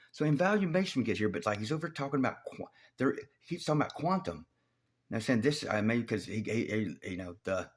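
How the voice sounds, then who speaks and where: A man talking alone to the camera in a rambling monologue, halting with many restarts and swearing, growing loud and heated. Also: on the low side. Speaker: video host.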